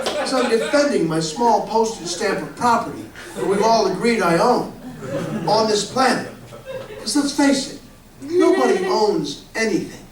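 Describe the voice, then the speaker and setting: A man in his forties tells a profane comic story on a comedy club stage, animated and breaking into shouting bursts. His voice is high and he's far from the mic, captured in a roomy live club recording with audience laughter from the crowd.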